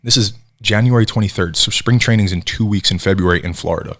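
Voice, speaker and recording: A man in his thirties from New Jersey, a former ballplayer guest telling animated stories in casual chat. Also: on the low side. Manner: fast, animated storyteller acting out quotes. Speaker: podcast guest, former baseball pitcher.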